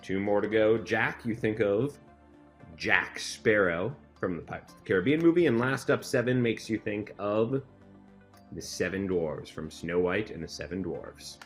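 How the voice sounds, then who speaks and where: Man, very low voice, patient instructor, repetitive explaining, faint background music. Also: normal speed. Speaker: magic instructor. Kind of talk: instructional narration.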